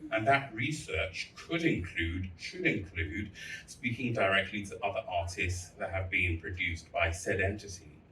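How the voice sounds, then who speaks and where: A man's voice: fairly low pitch, a bit bright, slight background noise. A man giving a candid, storytelling speech to fellow artists, with blunt and crude humor. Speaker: festival speaker. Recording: echoey hall, voice from far off.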